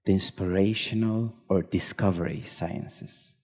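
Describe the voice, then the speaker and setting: A man with a lowish, dark and mellow voice tells a story slowly at a live event. He lays it out in short, measured phrases. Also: expressive.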